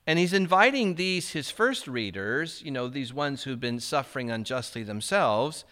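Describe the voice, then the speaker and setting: A man's voice: a little high, bright, forceful tone. A man preaching a sermon as a pastor, reflective and conversational, asking his listeners rhetorical questions.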